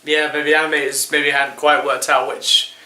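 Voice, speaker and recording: Bright-voiced man in casual podcast chat. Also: fairly high pitch, flat delivery, moderate pace, echoey room. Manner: rambling, lots of fillers and restarts. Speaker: podcast co-host. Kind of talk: casual chat reviewing a TV episode.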